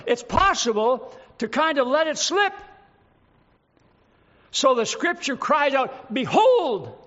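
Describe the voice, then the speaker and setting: A man with a strikingly high voice delivers a sermon, lingering over each phrase of scripture and firing rhetorical questions. His pitch rises and falls with lively emphasis as he speaks slowly. The recording sounds dull, with a long hall reverb. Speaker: preacher.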